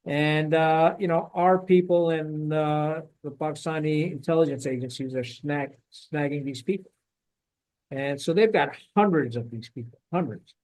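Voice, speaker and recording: Man, former Marine officer, casual interview, blunt and salty, animated storytelling. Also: fairly high pitch, normal speed.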